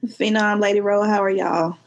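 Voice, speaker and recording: A woman hosting a casual chat show over a call, laughing often and speaking in relaxed slang. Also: mid-range voice, moderate pace. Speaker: podcast host.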